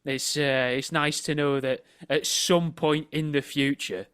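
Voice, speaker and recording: A man co-hosting a podcast over a remote call, trading dry, deadpan jokes and laughing easily. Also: on the high side, a little slow, clear, resonant tone. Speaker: podcast co-host. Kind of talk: casual banter.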